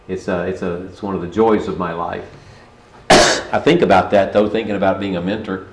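A man's voice: deep voice, little pitch movement, normal speed, roomy sound, background noise. A middle-aged man preaching a sermon in a conversational storytelling way, often restarting his sentences.

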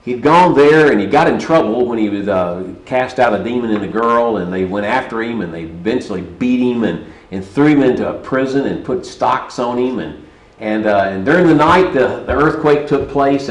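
Man, middle-aged, sermon, storytelling, medium pitch, roomy echo. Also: animated, brisk. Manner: conversational storytelling preaching with frequent restarts. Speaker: preacher.

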